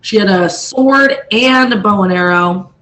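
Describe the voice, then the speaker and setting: A woman's voice: medium pitch, unhurried, fairly bright tone, slight background noise, low-quality recording. Hesitant woman describing client sessions. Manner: hesitant, many fillers and restarts. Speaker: spiritual practitioner reading clients' past lives. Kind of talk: casual chat.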